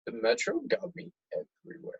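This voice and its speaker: A man's voice: very high voice, fairly quick, gravelly, husky, muffled recording. A young man chatting casually and jokily about old memories. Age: young adult. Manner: laid-back, jokey, animated when retelling. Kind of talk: casual reminiscing chat.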